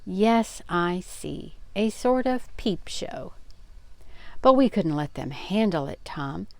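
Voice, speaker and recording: A calm, sensible tomboy girl talks her brothers through their plans in a level, practical voice for a storybook read-aloud, as a grandmother reads her. The voice is close to the reader's own, low and gravelly. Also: slow pace, no room sound.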